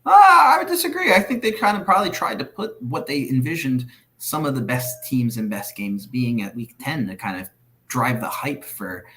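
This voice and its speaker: A man's voice: mid-range voice, moderate pace, fairly bright tone. A man co-hosting a casual sports podcast, earnest and opinionated as he makes his case. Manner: earnest, opinionated, argues his points steadily. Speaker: podcast co-host.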